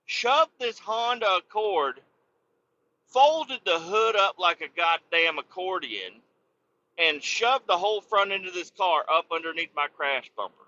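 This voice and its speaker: A man's voice: high voice, measured pace, highs cut off. A man hosting a podcast, casually telling a story with a lot of cursing and repeating himself. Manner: profane, animated, repeats himself.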